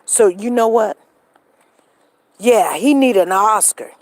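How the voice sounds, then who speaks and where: A woman in her fifties hosts a live show, animatedly telling her viewers a story and acting out other people's lines. Her voice is mid-range and slow, with no echo, but the recording quality is low.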